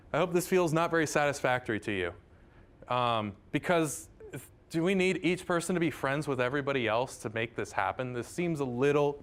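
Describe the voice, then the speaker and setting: A man's voice: mid-range voice, a bit bright. A man giving a casual math lecture. He chats, drifts into tangents and keeps checking in with "right?".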